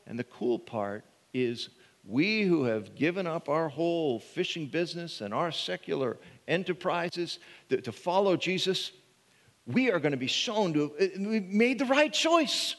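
A male pastor preaching in a church sanctuary with a high voice for a man, animated and full of quick restarts. His words carry a long reverb through the room. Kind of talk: sermon.

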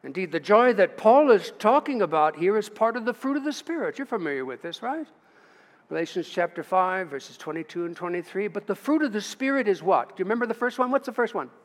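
American pastor preaching, high voice, church echo, leans hard on key words. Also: male voice, very animated. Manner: emphatic preaching with long pauses and rising stresses. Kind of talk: sermon. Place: church sanctuary. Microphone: livestream from the pulpit. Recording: long church reverb.

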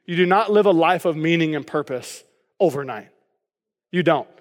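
High-voiced pastor preaching in reverb. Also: male voice, expressive, moderate pace. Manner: casual, joking preaching with frequent "okay?" asides. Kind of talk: sermon.

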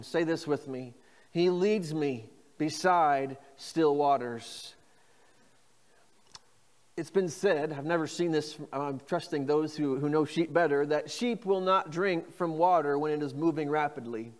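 पादरी, ऊँची आवाज़, गूँजता हॉल. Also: male voice, fairly high pitch, big-room sound. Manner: slow, deliberate reading of scripture phrases; invites congregation to repeat lines. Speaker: pastor. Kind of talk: sermon. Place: church.

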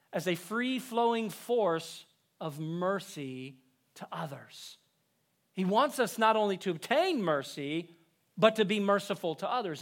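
A man preaching a sermon, rising with emphasis and dropping low at the ends of phrases. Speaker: pastor.

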